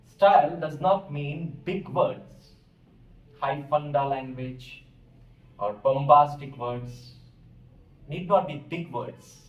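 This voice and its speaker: A man teaching a spoken lesson, slowly repeating example sentences. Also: on the high side, highs cut off. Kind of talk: slow online English lesson. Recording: echoey room, voice a bit far from mic.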